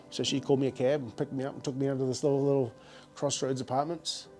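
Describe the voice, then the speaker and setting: A man's voice: mid-range voice, steady tone, fast, dark tone, faint music behind. A middle-aged man with a New Zealand accent, a business founder telling stories in a casual, slangy interview, repeating words as he goes.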